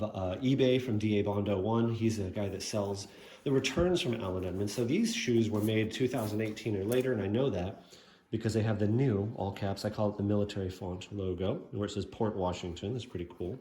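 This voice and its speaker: A man's voice: fairly low pitch, fairly quick, warm tone. Casual rambling man in echoey room. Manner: rambling, conversational, lots of fillers. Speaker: shoe collector and restorer. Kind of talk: casual show-and-tell vlog.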